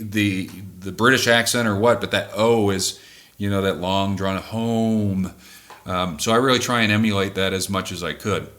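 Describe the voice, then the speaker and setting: Male band singer, lower register, measured and self-correcting explainer. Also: bright, forceful tone. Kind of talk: explaining music production.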